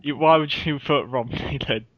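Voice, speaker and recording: A man's voice: a little high, moderate pace, lo-fi sound, a little hiss or hum. A man co-hosting a casual podcast, bantering and laughing often between remarks. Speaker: podcast co-host. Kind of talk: casual chat.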